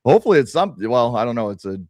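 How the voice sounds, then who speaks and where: A man co-hosting a sports talk show, relaxed and easygoing, wrapping up segments. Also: mid-range voice, rapid-fire, no echo. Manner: relaxed, easygoing, short replies. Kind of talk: casual sports talk chat.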